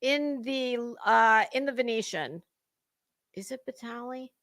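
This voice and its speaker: A woman's voice: fairly high pitch, a little slow, a bit bright, no echo, studio quality. A woman hosting a casual livestream, greeting viewers in chat and talking in a salty, chatty way with cusswords. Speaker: livestream host.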